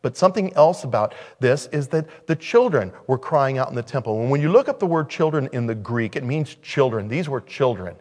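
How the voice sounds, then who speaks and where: Man, preacher, sermon, animated delivery, loud-to-quiet swings, mid pitch. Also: fairly quick, hardly any pauses.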